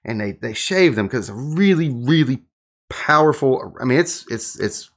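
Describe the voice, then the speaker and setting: A middle-aged man from the American South, telling stories in a casual chat as a guest, animated and laughing, full of "like" and "you know". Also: mid-range voice, normal speed. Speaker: guest, wine tour guide.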